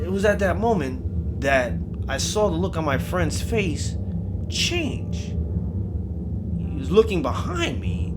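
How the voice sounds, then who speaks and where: A man with a somewhat high, very animated voice tells a first-person horror story in loose, profane everyday talk. Music plays clearly underneath him. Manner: casual, profane street-style talk.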